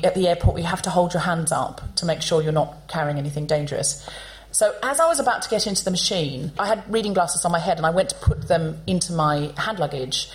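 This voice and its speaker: A woman hosting a comedy podcast on stage, telling a story to a live audience in an animated, chatty way and acting out the people in it. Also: on the low side.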